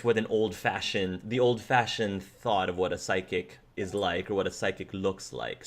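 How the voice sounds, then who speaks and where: A man acting as game master, narrating scenes loosely and descriptively, with frequent restarts. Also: on the low side.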